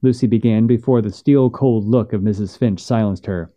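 A man narrating a western story in a measured, steady way. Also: on the low side, muffled recording.

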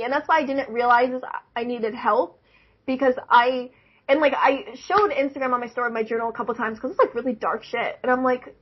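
High-pitched chatty young woman, husky. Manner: chatty, laughs often, says "like" a lot. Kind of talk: casual chat. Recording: dull lo-fi recording.

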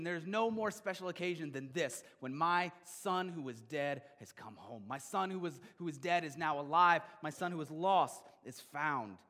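Man, pastor, sermon, slightly high voice, long echoing reverb, animated storytelling. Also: moderate pace, hardly any pauses. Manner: animated storytelling, voicing the father with rising excitement.

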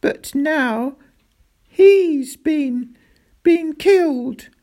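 Storybook figure: a scared, sobbing boy, stammering and pitched high, read by a woman. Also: drawn-out words, mellow. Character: frightened tearful young boy.

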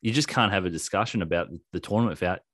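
A man co-hosting a casual wrestling podcast, talking in an animated, sarcastic way and laughing often. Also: low-pitched, rapid-fire, no room sound, clean studio sound. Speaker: podcast co-host.

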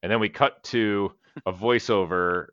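A man rambles through a movie recap on a podcast, cursing casually and laughing at his own retelling. His voice is bright and forward. The recording is dry and slightly muffled, like a home podcast setup. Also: lowish voice, a little slow, no echo. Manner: rambling, profane, laughs while retelling scenes. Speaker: podcast co-host. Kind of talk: casual movie review chat. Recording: slightly dull lo-fi podcast audio.

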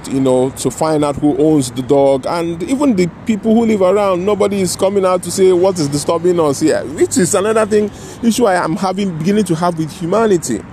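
A man with a slightly higher voice tells a personal story outdoors in a city. He rambles and restarts his sentences, checking in with "you know" and "right?", while faint traffic hums behind him. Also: fairly quick, few pauses, darkish tone. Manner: restarts and self-corrections mid-sentence. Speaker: vlogger telling a personal story. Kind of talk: casual spoken storytelling.

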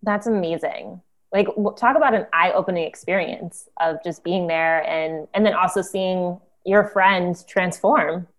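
A woman with a fairly low voice hosts a podcast. She reacts with enthusiasm and asks her guest questions in a relaxed, chatty way. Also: measured pace. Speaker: podcast host. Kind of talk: casual interview chat.

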